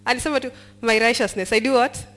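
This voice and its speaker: A woman's voice: a little high, fairly even intonation, fast, a bit bright. Woman leading a bible study. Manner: mixes English and Swahili, asks the group questions and prompts them to finish lines. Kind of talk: teaching a Bible study, reading and explaining verses.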